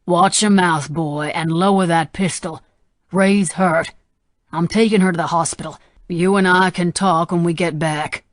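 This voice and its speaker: A woman voicing a calm, controlled middle-aged male senator with a Southern accent in an audiobook, speaking in a steady, persuasive negotiator's tone. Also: fairly low pitch, a little slow, no room sound, clean studio sound, close to an everyday voice. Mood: stern.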